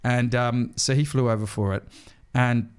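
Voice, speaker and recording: A man's voice: medium pitch, normal speed, clean tone. A middle-aged Australian man telling stories as a podcast guest, with lots of restarts and fillers. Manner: lively storyteller with frequent restarts and fillers. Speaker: podcast guest, stage entertainer. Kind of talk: storytelling in a podcast interview.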